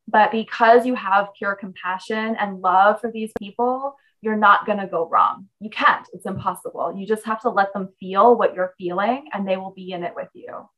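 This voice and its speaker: A woman's voice: mid-range voice, normal speed, hardly any pauses, dull audio. A young adult woman coaching someone in a conversation, talking in an emphatic, direct and encouraging way.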